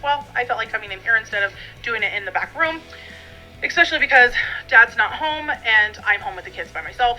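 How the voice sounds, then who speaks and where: A woman's voice: a little high, pushed and bright, low-quality recording. A woman vlogging from her dining room at home, talking in a rambling, friendly way with many fillers. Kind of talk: casual chatty vlog.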